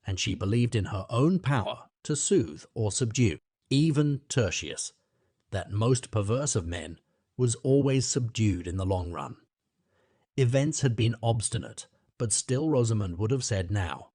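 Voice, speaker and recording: Man, audiobook narrator, lowish voice, dry close sound, measured literary reading. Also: a little mellow, dry recording. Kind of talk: scripted narration of a classic novel.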